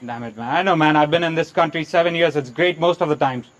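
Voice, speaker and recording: A man's voice: a little high, fast, lightly acted. An actor playing an exasperated stand-up comedian with an Indian accent, ranting through his set in a comedy club. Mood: fed up. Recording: comedy club with crowd noise. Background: audience laughter.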